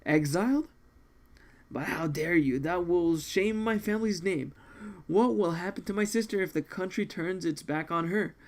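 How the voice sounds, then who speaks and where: Guy reading as a stern exiled killer, grave and formal, kinda high voice. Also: moderate pace. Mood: pleading. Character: weary exiled male assassin, stern and proud. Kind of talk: manga read-along voice acting.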